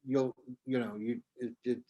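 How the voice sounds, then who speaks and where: A man voicing a young woman who quickly and dismissively denies knowing anything. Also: medium pitch, flat delivery, dull audio, close to an everyday voice. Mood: evasive. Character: evasive young woman denying everything. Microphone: video call.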